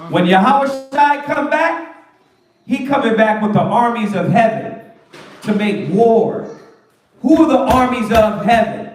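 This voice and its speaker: A high-pitched man leads a Bible class with animated, slangy humor and rhetorical questions. His voice lands from some distance, ringing around a very echoey room. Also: measured pace, faint music behind. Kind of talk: lively street-talk preaching. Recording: echoey room, voice far from mic.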